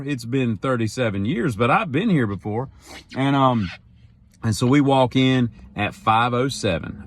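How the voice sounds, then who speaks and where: A man's voice: medium pitch, dry recording. Rambling, wry middle-aged man. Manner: rambling, wry, jumps to loud mock-outraged quotes. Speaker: daily vlogger. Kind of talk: casual storytelling monologue.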